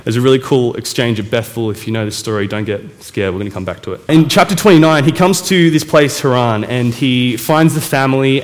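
A man preaching a casual sermon, retelling a Bible story in a chatty way and correcting himself as he goes. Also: mid-range voice. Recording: echoey hall reverb.

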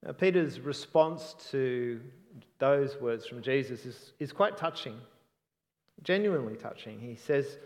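A man preaching a sermon in an earnest, reflective way, often trailing off softly at the ends of phrases. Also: medium pitch, expressive, a little slow, in a large hall.

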